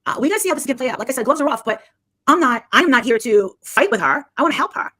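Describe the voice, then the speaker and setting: A woman's voice: high-pitched, animated, racing, sharp tone. A woman on a live stream who rambles on scornfully and repeats herself, talking into a phone or webcam. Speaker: livestreamer. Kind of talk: rambling livestream gossip.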